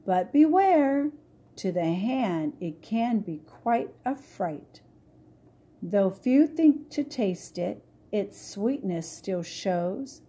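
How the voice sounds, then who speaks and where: A woman's voice: medium pitch, animated, very slow, mellow, breathy edge, full character voice. A woman reading aloud voices a kindly, motherly fairy in a storybook, reciting in a sing-song rhythm. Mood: playful.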